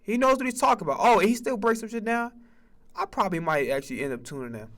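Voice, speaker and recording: A man hosting a sports stream who rants heatedly, cursing constantly and tripping over repeated words. His voice sits very high and sounds bright and sharp. His pitch leaps up and down as he argues. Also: lively intonation, quick pace. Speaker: sports streamer and podcast host. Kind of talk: profane sports rant.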